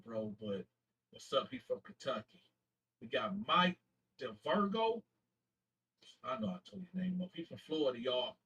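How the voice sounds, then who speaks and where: Bright, husky man from Flint. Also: mid-range voice, recorded from a distance, poor audio. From Flint, Michigan. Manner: slangy, halting name reading with self-corrections. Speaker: YouTube channel host. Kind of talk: casual live shout-outs to viewers.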